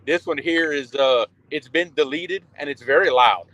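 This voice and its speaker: A man's voice: fairly high pitch, normal speed, fairly bright tone, low-quality recording. Easygoing man with a South Louisiana accent. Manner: easygoing, chuckles often, repeats words as he starts. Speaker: fishing livestream guest. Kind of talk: casual chat. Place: loud pickup truck.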